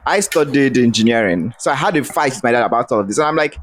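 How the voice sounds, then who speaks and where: A man's voice: mid-range voice, lively intonation, quick pace, hardly any pauses. A young Nigerian man with a Nigerian accent, a podcast guest ranting heatedly over a remote call and swearing freely. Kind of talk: casual podcast chat.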